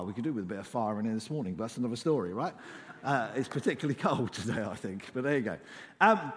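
A man's voice: medium pitch, very animated, a little fast. A man preaching a sermon in an informal, conversational way, rising in emphasis on key lines. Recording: echoey church hall.

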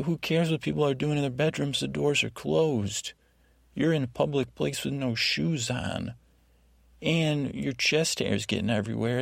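A man with a gravelly, fry-edged voice rambles through a sleep podcast recap. He wanders off-track into self-deprecating asides and keeps restarting his sentences. The sound is dry and close. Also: mid-range voice, no room sound. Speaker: podcast host.

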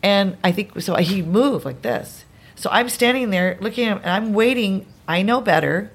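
A woman telling a long anecdote as a podcast guest, acting out the people in it with quick changes of voice. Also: medium pitch, breathy edge. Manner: animated, acts out the voices in her stories. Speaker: guest performer.

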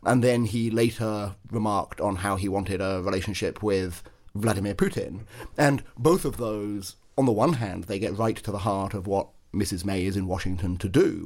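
A man commenting on politics in a measured, analytical way during a panel discussion. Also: low voice, fairly even intonation, vocal fry, darkish tone.

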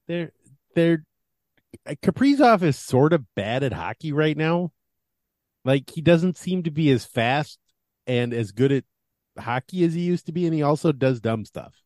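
A man co-hosting a casual sports podcast, giving wry, deadpan analysis. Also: fairly high pitch, a little slow, long pauses, no echo, clean studio sound.

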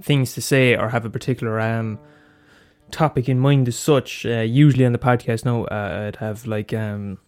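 Faint music plays as a man hosts his podcast solo at a normal speed. His medium-pitched voice is darkish and fairly even in intonation, and his talk is loose and profane, littered with fillers and restarts.

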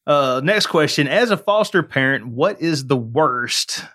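A man co-hosting a podcast, reading listener questions and adding quick, laughing asides in casual chat. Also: a little high, expressive, pushed and bright.

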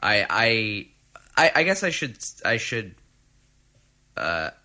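Low, lively-voiced male co-host. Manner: hesitant, halting, casual swearing. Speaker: podcast co-host. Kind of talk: casual chat.

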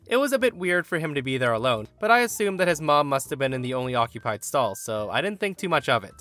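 A man reading a forum story aloud in an animated storytelling manner. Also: medium pitch, quick pace, faint music behind. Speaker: story narrator.

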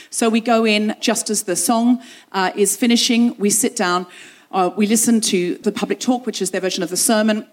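Brief: woman host, live comic storytelling, animated and self-mocking, mid-pitched voice. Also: moderate pace. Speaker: podcast host. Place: open-air theatre stage.

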